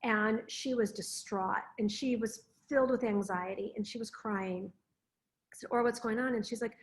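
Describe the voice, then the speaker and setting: A woman's voice: on the high side, steady tone, normal speed. A woman business coach teaching on a live video call, telling stories with lots of "like," enthusiastic and persuasive. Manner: enthusiastic, storytelling with many "like"s.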